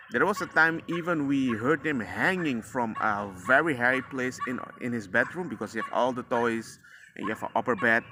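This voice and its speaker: A man's voice: medium pitch, noisy background. A father sharing his parenting experiences in a rambling, slangy, casual way, often acting out quotes of himself and his son. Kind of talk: casual storytelling monologue. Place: outdoors, near a passing dog walker.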